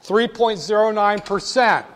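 Man, lecturer, classroom talk, playful, teasing, high-pitched. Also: measured pace, a bit bright. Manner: playful, teasing, talks straight to students.

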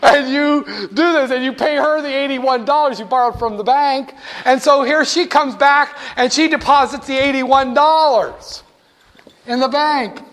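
A male instructor giving a classroom lecture in a jokey, animated way, talking straight to his students. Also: extremely high pitch, measured pace.

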